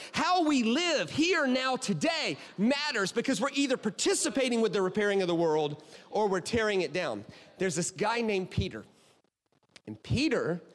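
A man preaching a sermon as a pastor, animated and chatty, checking in with the crowd by asking "right?" and "okay?" again and again. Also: very high voice. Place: church auditorium. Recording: reverberant hall.

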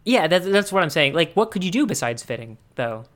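A man's voice: on the high side, big pitch swings, brisk, a bit bright. A man co-hosting a podcast in casual chat, thinking aloud with wry, joking asides. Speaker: podcast co-host.

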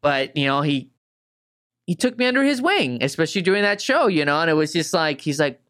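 A man's voice: a little high, animated, a little fast, a bit bright. Rambling man telling a tour story. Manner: rambling, swears a lot, says "dude" and "like" constantly. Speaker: guitar tech guest. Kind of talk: casual chat.

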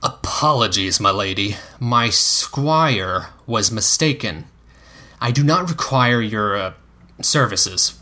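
A man voicing a shy, flustered young male knight who speaks slowly and stammers, with a husky voice. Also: lowish voice, lively intonation, bright, forceful tone, full character voice. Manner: slow, halting, stammering.

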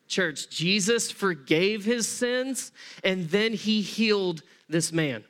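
A man preaching a sermon as pastor, conversational and animated, acting out the people in the story as he tells it. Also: sits high, takes it slowly. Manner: acts out voices of people in the story.

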